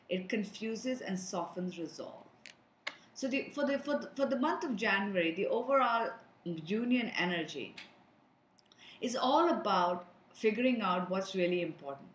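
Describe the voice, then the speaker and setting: A woman's voice: medium pitch, a bit bright, roomy sound, a little hiss or hum, low-quality recording. Earnest woman giving an energy reading. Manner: earnest, advising, speaks straight to viewers. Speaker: energy reader and healer. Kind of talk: spiritual energy reading to viewers.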